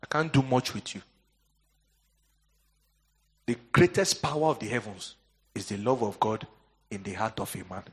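A male pastor preaching a sermon. He leaves questions hanging for the congregation to answer and swings between soaring emphatic lines and quiet asides. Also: on the low side, animated, moderate pace, pauses often, breathy edge.

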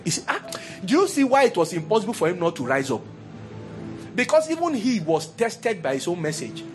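A pastor preaching a sermon in an animated, humorous way, full of rhetorical questions. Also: male voice, high voice.

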